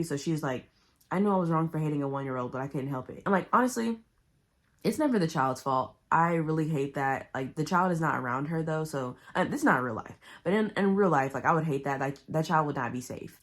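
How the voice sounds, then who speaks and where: A woman casually recapping a book to camera, animated and chatty. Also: sits low. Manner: chatty, animated retelling with loud quoted outbursts. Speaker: book vlogger.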